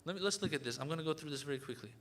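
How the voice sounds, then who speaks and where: A man giving a conversational religious lecture, switching to fast recitation of Arabic supplication lines. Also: on the high side, expressive, a bit bright. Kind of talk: sermon. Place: lecture hall.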